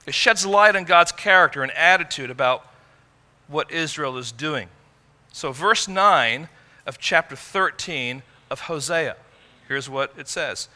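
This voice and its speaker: A man preaching a sermon in an earnest way, rising to emphatic peaks and dropping low and quiet. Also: animated, unhurried. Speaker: pastor.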